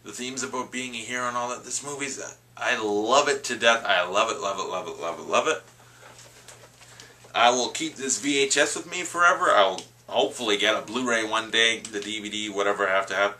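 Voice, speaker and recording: A man's voice: on the low side, fairly even intonation, brisk, pushed and bright, a little hiss or hum. A man reviewing his favorite movie in a casual vlog, gushing and rambling with enthusiasm.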